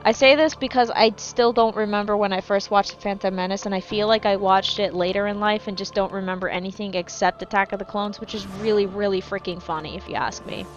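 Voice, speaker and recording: A woman's voice: medium pitch, steady tone, brisk, hardly any pauses, lo-fi sound, soft background music. A woman chatting casually while gaming, rambling and swearing freely in a jokey put-on accent. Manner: jokey put-on East Coast-style accent. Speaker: gaming streamer.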